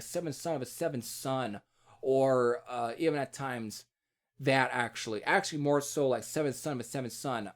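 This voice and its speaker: A man with a somewhat high voice talks through a music album review in a loose, unscripted way. He restarts sentences often, fills gaps with fillers and now and then throws in a curse. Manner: rambling, many restarts and fillers, casual cursing. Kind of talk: casual spoken music review.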